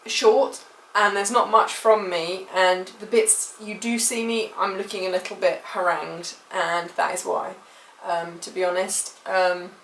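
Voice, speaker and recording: A woman's voice: mid-range voice, flat delivery, unhurried, hardly any pauses, slight background noise. British woman vlogger, emotional rambling storytime, roomy and off-mic. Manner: emotional, rambling retelling with many fillers. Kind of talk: personal storytime vlog. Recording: echoey room, mic at a distance.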